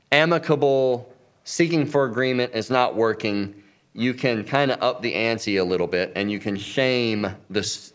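A man giving an instructional talk, lively, acting out sample lines of dialogue as he explains. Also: mid-range voice. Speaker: teacher.

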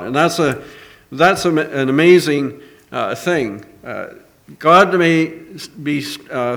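Earnest male preacher, halting delivery. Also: on the high side, fairly bright tone. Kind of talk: sermon.

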